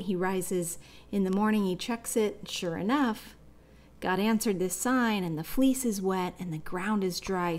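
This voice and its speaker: A woman's voice: mid-range voice, darkish tone. A woman giving a devotional Bible teaching, talking in an earnest, reflective way and telling a personal story along the way.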